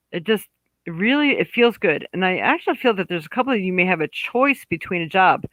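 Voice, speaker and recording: A man with a high, bright voice runs a casual horoscope card reading, thinking aloud and breaking off to address spirit. His talk is loose, full of fillers and restarts. The sound is close and dry, with no room around it. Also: no echo, low-quality recording. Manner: chatty, warm asides, talks to spirit aloud. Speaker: psychic card reader.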